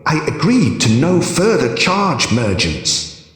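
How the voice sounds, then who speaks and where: A man's voice: fairly high pitch, huge pitch swings, slow pace, fairly bright tone, pitched above the performer's own voice, full character voice. A resentful young priestess, played by a male narrator in a raised, strained voice, answering through clenched teeth. Her indignation rises and falls sharply in this storybook. Heavy echo and a long reverb hang around every word. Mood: indignant.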